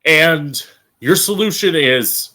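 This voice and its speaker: This stream host's voice is fairly high, expressive and sharp as he rants about politics with profanity and sarcasm. He hammers his points by stretching out the important words.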